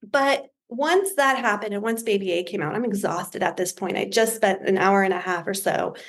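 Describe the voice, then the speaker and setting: A woman who is a podcast guest, telling a story in a casual, humorous and animated way. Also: medium pitch, moderate pace.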